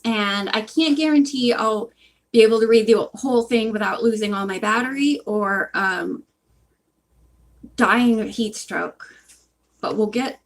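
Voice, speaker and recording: A woman with a slightly high voice reads a book aloud, chatting, rambling, and interrupting herself between passages. She's recorded on a phone in a hot room, and the audio is poor.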